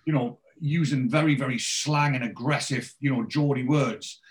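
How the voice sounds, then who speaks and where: A man in a relaxed podcast chat, walking through an episode as he goes. He rambles and fills gaps with "you know" and "um", and his voice sits in an ordinary middle pitch. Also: normal speed. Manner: rambling, heavy on fillers. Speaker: podcast host. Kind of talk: casual chat recapping a TV episode.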